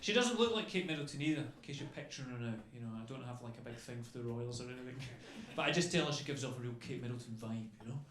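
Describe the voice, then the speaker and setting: A man's voice: medium pitch, animated, quick pace, few pauses, fairly bright tone. A man doing a stand-up comedy set on a club stage, rambling and chatty, tagging lines with "okay?" and "you know". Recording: echoey club room with faint noise.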